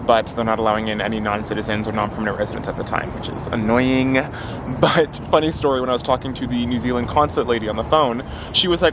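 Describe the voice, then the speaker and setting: A man's voice: fast, noisy background. A man in his twenties talking casually to the camera in a vlog, saying "like" a lot and laughing between sentences. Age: 20s. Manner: chatty, says "like" a lot, laughs mid-sentence; swings up high and animated for quoted bits. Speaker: vlogger.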